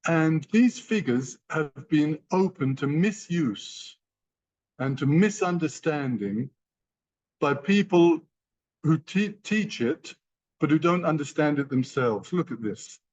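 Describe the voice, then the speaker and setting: Slow, emphatic male trainer. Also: fairly high pitch, lively intonation, a little mellow. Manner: emphatic, repeats key phrases. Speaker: company trainer. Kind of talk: motivational training talk. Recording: dull lo-fi sound.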